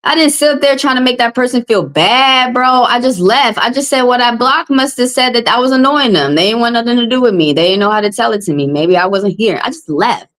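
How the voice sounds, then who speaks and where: Brisk and animated with few pauses, a woman whose voice is a little high and fairly bright rants at her live-stream chat. She's a tarot reader from the American South, upset and confrontational, and she keeps repeating herself.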